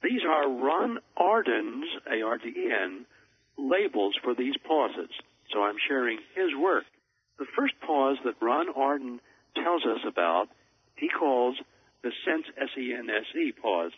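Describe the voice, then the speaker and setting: Husky man pausing deliberately, lively pitch. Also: dull audio. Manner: measured, deliberate pauses for emphasis. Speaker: public speaking coach. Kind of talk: instructional talk on a recorded program.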